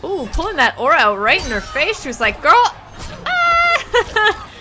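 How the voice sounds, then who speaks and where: A woman giving enthusiastic play-by-play on a fighting game stream, with loud exclamations. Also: high voice, sing-song, quick pace, soft background music, poor audio. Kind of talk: casual esports commentary.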